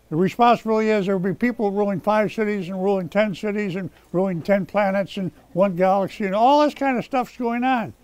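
Male pastor, high pitched, preaching sermon; scolds, then prays softly. Dry sound. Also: dry recording. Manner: scolding, swings from loud rebuke to quiet prayer. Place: rescue mission chapel.

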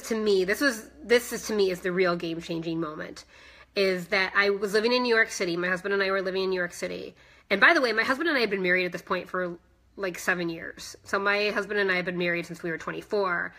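A woman's voice: mid-range voice, sharp tone. A woman in her thirties, a fitness instructor, chatting emotionally in a live personal vlog and greeting viewers by name. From United States.

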